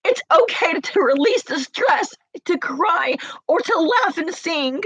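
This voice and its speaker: A woman in her forties talking to her livestream chat while crying, confrontational and tearful, sometimes breaking into shouts. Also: very high voice, animated, slow pace, few pauses, dry recording, dull audio. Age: 40s. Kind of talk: emotional livestream rant.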